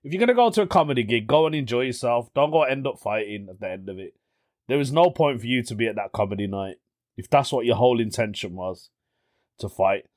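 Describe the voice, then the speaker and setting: A man's voice: mid-range voice, expressive, quick pace, a little mellow, no room sound, clean studio sound. A young man hosting his own podcast, chatting and telling stories casually and laughing often. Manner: chatty storyteller, laughs often, British slang like "innit". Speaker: podcast host. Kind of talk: casual solo podcast chat.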